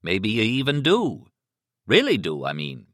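A man's voice: fairly low pitch, huge pitch swings, a little slow, fairly bright tone, dry recording, clean studio sound, exaggerated voice. A male audiobook reader voicing a bored small-town male deputy with a New England accent, comfortable and unimpressed. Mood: unbothered. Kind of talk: audiobook character voice.

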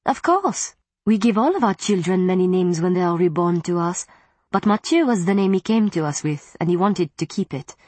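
A woman voicing a proud ancient female vampire matriarch, speaking slowly and formally. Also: fairly low pitch, animated, a little mellow, no room sound. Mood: stately.

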